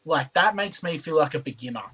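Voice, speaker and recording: A man's voice: on the high side, expressive, fairly quick, very noisy. A man giving earnest interview answers, full of stumbling restarts. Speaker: competitor.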